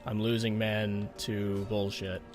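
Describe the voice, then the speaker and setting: A man's voice: fairly low pitch, flat delivery, takes it slowly, darkish tone, soft background music. A man talking through a strategy game as he plays, thinking aloud and swearing when the game frustrates him. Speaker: gaming channel host. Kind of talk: let's play commentary.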